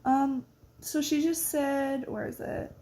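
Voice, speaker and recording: A teenage girl talking casually in a reading vlog, rambling and excitable with lots of filler words. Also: high-pitched, slow, a little hiss or hum. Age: teens. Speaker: vlogger.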